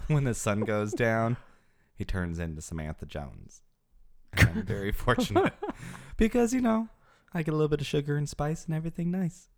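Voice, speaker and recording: A man in his thirties co-hosting a casual chat, telling lively stories and jumping into high voices when he quotes people. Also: normal speed. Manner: animated storyteller, jumps into high voices when quoting people. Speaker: podcast co-host.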